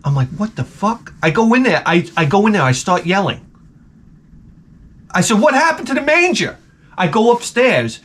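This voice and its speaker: A man's voice: high voice, animated, moderate pace, long pauses, fairly bright tone. A man vlogging with the flu, telling a comedic story in an exasperated, rambling, profane way. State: sick with the flu.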